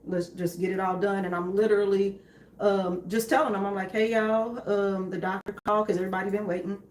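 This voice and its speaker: A young woman talks through her story in a calm, matter-of-fact way, full of ums and restarts. Her voice sits in the middle of the usual range. The room is echoey, with a faint hum behind her. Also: medium pitch, a little fast. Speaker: co-host, wife. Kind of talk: candid conversation with her husband.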